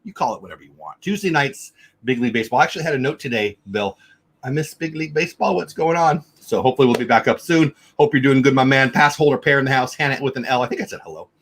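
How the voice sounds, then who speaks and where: A man hosting a casual livestream, greeting viewers by name in quick, upbeat shout-outs. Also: mid-range voice. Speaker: livestream host.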